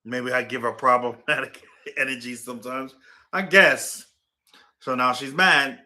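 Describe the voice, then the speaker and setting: A man's voice: medium pitch, fairly even intonation, unhurried, pushed and bright. A man hosting a casual chat from his couch at home, rambling and telling stories with lots of fillers. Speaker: show host.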